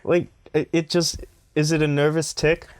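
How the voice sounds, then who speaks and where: A man's voice: a little high, level tone, normal speed, clear, resonant tone, no room sound. A man in his twenties co-hosting a casual podcast, rambling and joking at his own expense. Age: 20s. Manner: rambling, jokey, self-deprecating. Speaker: podcast co-host. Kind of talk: casual chat.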